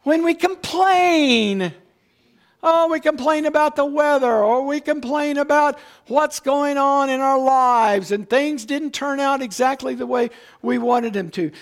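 A man preaching a sermon, emphatic and repetitive, slowing down to stress key words. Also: very high voice. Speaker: pastor.

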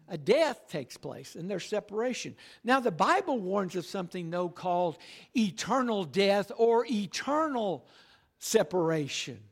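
An older man preaching a sermon, emphatic, slowing down on key phrases and often checking in with "all right?". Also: sits high, vocal fry. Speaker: pastor.

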